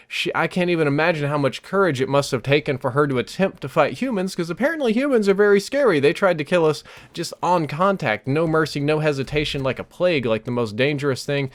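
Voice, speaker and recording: A man recounting a vivid dream as an animated, breathless story over gameplay footage. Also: fairly high pitch. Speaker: gaming YouTuber.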